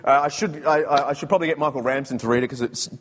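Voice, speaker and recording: A man with an Australian accent preaching a sermon, animated and joking, putting on mock voices to make his point. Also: medium pitch, very fast, breathy edge, big-room sound, muffled recording.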